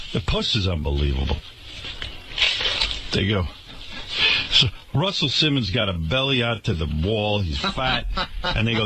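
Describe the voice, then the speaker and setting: A man's voice: on the low side, very noisy. A man hosting a radio talk show, delivering an indignant, sarcastic rant to his listeners.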